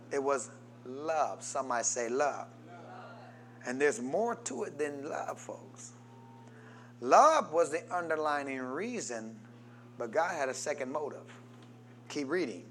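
An animated male preacher speaks a little slowly and pauses often, drawing responses from the congregation. He alternates emphatic, loud exhortations with low asides, and slight background noise is audible.

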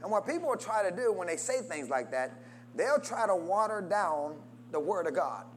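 A preacher speaks at normal speed, his pitch and volume swinging widely as he leads call-and-response. He keeps posing questions for the congregation to answer and urging amens. A little hiss or hum can be heard.

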